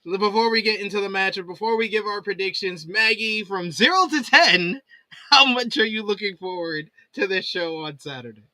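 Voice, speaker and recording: A man's voice: sits high, lively intonation, moderate pace, bright, forceful tone, dry recording. Guy co-hosting a wrestling chat, dry close sound, sarcastic and laughing a lot. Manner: wry, sarcastic, laughs often. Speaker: podcast co-host. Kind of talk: casual wrestling preview chat.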